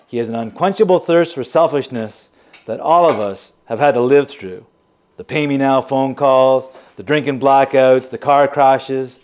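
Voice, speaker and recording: A man's voice: mid-range voice, unhurried, a little mellow, lightly acted. An actor playing a bitter, sardonic man confiding in an audio drama monologue. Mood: wry. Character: bitter wry man, family's weary son. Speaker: narrating character.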